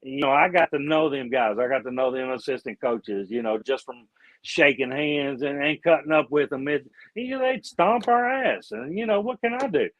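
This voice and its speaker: A man's voice: mid-range voice, lively intonation, normal speed, fairly bright tone, no echo, lo-fi sound. A man, a former youth football coach, telling profane, laughing stories in a casual podcast chat. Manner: profane, storytelling, laughs often.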